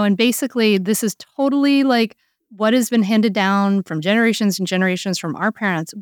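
A woman's voice: fairly high pitch, no echo. Earnest woman parenting coach, dry sound. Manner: earnest, explanatory, many "right?" check-ins. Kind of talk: coaching conversation.

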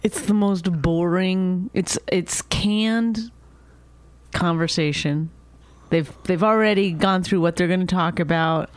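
A woman's voice: fairly low pitch, takes it slowly, dry recording. A woman co-hosting a podcast, rambling and complaining in casual chat, swearing freely. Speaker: podcast co-host.

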